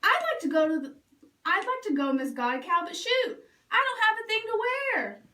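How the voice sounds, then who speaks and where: A woman's voice: extremely high pitch, very animated, moderate pace, bright, forceful tone, echoey room, recorded from a distance, voice pushed up, heavily acted. A woman voicing a humble, hardworking young ranch hand in a storybook, earnest and pleading.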